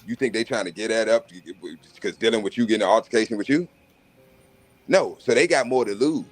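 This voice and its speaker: Speaking a little fast in a fairly low voice, a streamer swaggers through crude, brash tales of job interviews. His casual storytelling rant is full of profanity, and he performs other people's voices along the way.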